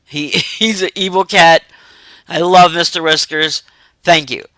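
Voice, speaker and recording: A man's voice: a little high, steady tone, unhurried, sharp tone, no room sound. A man casually reviewing a movie in a rambling, filler-heavy way, with loose slang.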